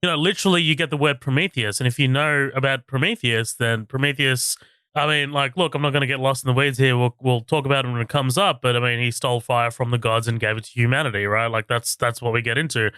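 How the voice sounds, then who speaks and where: Speaking fast in a smooth, mid-range voice, a man co-hosts a movie podcast, with clean studio sound and no echo. He keeps things casual and animated, swears a lot, and mocks the reviews he reads aloud.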